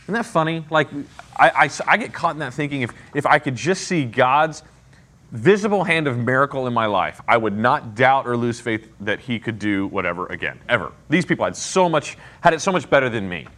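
Man teaching with a lively voice. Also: medium pitch, brisk. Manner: conversational, frequent "right?" and "okay?" check-ins. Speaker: Bible study teacher. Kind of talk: casual Bible teaching.

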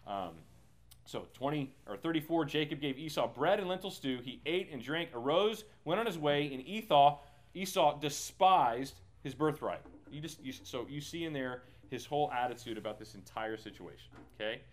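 A man's voice: on the high side, lively intonation, moderate pace. A man leading a Bible study in a casual, talkative way, with many fillers and restarts. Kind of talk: casual teaching.

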